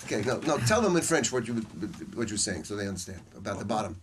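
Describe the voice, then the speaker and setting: A man's voice: fairly low pitch, big pitch swings, fast talker, slight background noise. An older man teaching a saxophone masterclass in a casual, blunt way, with slang and the odd swear word. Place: music store room with students.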